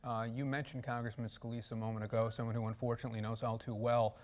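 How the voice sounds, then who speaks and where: A man anchoring a TV news broadcast at a middle pitch. He puts his questions briskly and formally, in a polished news delivery. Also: little pitch movement, darkish tone. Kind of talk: news interview.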